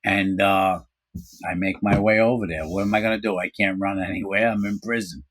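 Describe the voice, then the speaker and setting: A middle-aged man casually telling a story from his own life, animated, acting out quoted voices, with frequent fillers. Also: sits low, fairly quick. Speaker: storyteller recounting his prison time.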